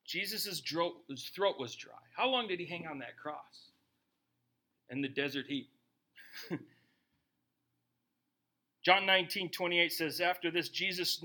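A middle-aged pastor delivers an emphatic, lively sermon in a voice on the high side. He regularly tacks rhetorical asides onto his points, addressing the congregation.

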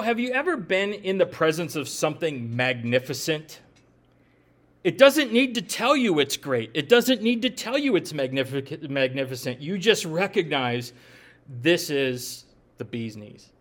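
A middle-aged man, preaching in a loose, conversational way. His voice sits a bit high for a man. He asks the listeners questions and drops joking asides as he talks. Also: sing-song, measured pace, a bit bright. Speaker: pastor. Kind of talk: conversational sermon.

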